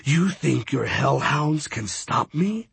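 A man's voice: mid-range voice, very animated, slow, creaky, a bit bright, breathy edge, no echo, full character voice. A man voicing a smug, arrogant male demon god who mocks his enemies. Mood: mocking. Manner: scoffing, mocking.

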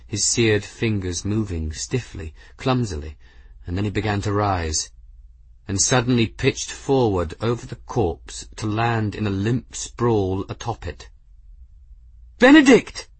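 Husky low-voiced male narrator. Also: unhurried, no echo. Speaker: audiobook narrator. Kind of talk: scripted narration.

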